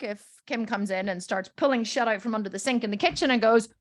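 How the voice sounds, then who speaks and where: A woman's voice: on the high side, expressive, fast, hardly any pauses, fairly bright tone, dry recording, studio quality. A woman coach teaching a group, telling stories with lots of "okay?" and "right?" check-ins and acting out the voices in them. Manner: acts out voices in quotes.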